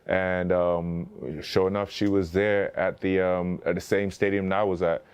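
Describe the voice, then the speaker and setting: A man's voice: low-pitched, little pitch movement, unhurried, a little mellow, clear, resonant tone. A man who is a podcast guest, talking casually and rambling through stories, full of fillers and restarts and acting out quoted dialogue. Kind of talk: conversational interview storytelling.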